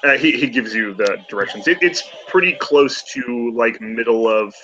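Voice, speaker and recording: A man running a tabletop game as game master, narrating in a relaxed, teasing way. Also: mid-range voice, normal speed. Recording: slightly dull lo-fi mic.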